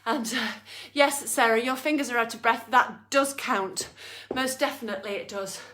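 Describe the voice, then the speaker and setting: A woman's voice: on the high side, moderate pace, sharp tone, reverberant. A woman leading an online exercise class, out of breath, upbeat and encouraging as she counts down. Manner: upbeat coaching, counting down and cheering on. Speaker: fitness instructor.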